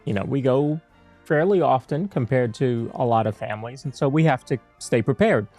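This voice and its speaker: A relaxed man co-hosting a podcast, chatting through his topics at a mid-range pitch and laughing easily. Faint music plays softly behind him. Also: moderate pace. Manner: easygoing, laughs often, walks through a topic list. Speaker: podcast co-host. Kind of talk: casual podcast chat.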